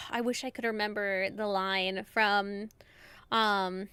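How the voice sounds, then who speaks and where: A woman streamer commenting on a game as she plays, excitable and quick to laugh and swear. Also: mid-range voice, smooth, dry recording.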